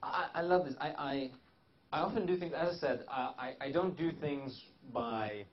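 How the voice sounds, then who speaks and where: A man's voice: on the high side, normal speed, dull audio. A man presenting a live seminar to a small audience, talking loosely with many restarts and fillers.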